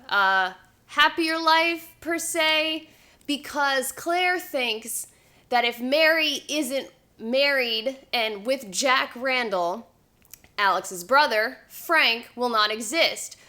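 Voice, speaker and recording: A woman hosts a vlog, casually comparing a book with its show and retelling the plot conversationally with easygoing, hedging fillers. Her voice sits high and sounds pushed and bright.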